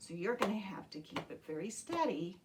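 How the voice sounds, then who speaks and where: A woman teaching a children's music and movement lesson in a gentle, encouraging way. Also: mid-range voice, sing-song, recorded from a distance, background noise. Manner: slow, gentle, encouraging, talks to young children.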